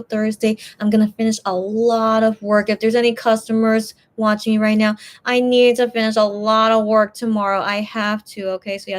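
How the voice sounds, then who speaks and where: Chatty woman reading fan comments on a stream. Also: mid-range voice. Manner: chatty, rambling, reads comments aloud. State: tired. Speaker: livestream host reading fan chat. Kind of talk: casual chat.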